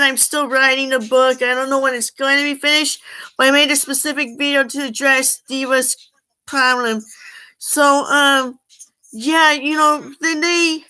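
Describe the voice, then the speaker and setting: Woman, fairly high and bright voice, unscripted rambling monologue, halting, lots of restarts. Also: poor audio. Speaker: channel host.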